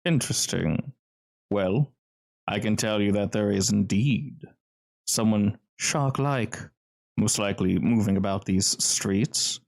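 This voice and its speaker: A man doing a smooth, cagey gentleman. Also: fairly low pitch, voice pushed down. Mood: smooth, guarded. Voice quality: smooth, velvety. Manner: calm, measured, cagey. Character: tall, distinguished, guarded man in a cellar hideout.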